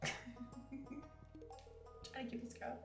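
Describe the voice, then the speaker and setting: A woman's voice: slow, bright, forceful tone, echoey room, soft background music. A young woman streamer chatting casually and giggling while she plays a game. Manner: chatty, giggly, reads game lines aloud. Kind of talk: casual chat while playing.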